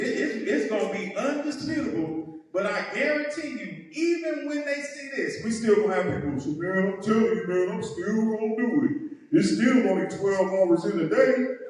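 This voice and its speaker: A man teaching a heated Bible lesson, emphatic and mocking, often tagging his points with "right?". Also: high-pitched. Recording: echoey hall, mic far off.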